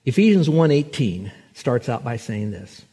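Husky-voiced male pastor preaching. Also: sing-song. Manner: storytelling, slows and rises in pitch and loudness for scripture. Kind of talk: sermon.

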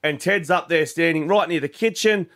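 A man's voice: a little high, moderate pace, a bit bright. An Australian man in his thirties, a radio host telling a self-mocking family story in casual chat.

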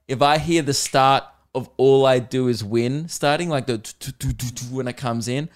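A young man hosting a comedy podcast, telling animated stories with swearing and frequent laughter. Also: mid-range voice, moderate pace. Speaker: podcast host.

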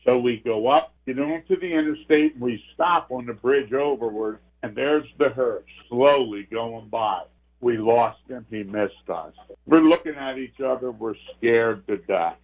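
A man's voice: mid-range voice, a little slow. An older man, earnestly telling a personal ghost story as a caller. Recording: tinny phone line.

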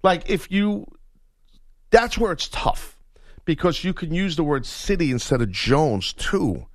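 A man's voice: on the high side, animated, a little slow, no room sound. A man hosting a sports radio show, joking and boasting in casual banter on a studio microphone.

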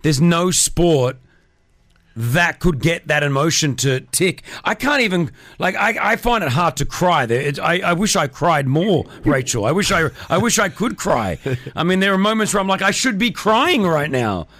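A man hosting a casual radio call-in show, talking in an animated way and mimicking whiny voices. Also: a little high, moderate pace, no echo. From partly Lebanese.

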